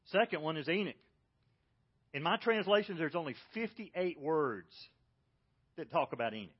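Male pastor, lively sermon delivery, dull audio. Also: fairly high pitch, moderate pace, breathy edge. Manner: animated preaching with rhetorical questions.

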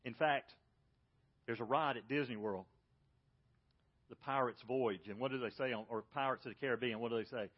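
A man's voice: medium pitch, moderate pace, pauses often. A male pastor, preaching a sermon and asking rhetorical questions. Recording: dull lo-fi audio.

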